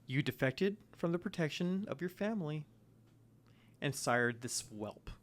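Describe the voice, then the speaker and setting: A man voicing a stately female vampire prince who speaks in a low, formal, measured way. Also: expressive. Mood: stern.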